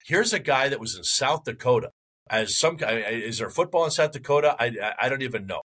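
A man's voice: mid-range voice, lively intonation, a little fast, a bit bright, rough recording. A man co-hosting a sports podcast, rambling in casual chat and working himself into mock outrage. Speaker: podcast co-host.

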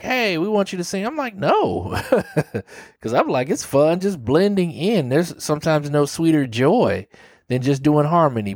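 A man's voice: on the high side, no room sound, clean studio sound. A man from Dayton hosting a motivational monologue, earnest and conversational, acting out the people he quotes. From Dayton, Ohio, USA. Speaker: host.

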